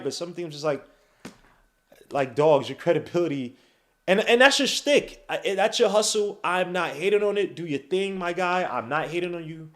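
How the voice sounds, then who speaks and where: A man hosting a basketball podcast alone, talking casually and rambling as he thinks aloud, with many fillers and restarts. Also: on the high side. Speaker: podcast host. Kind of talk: casual solo podcast talk.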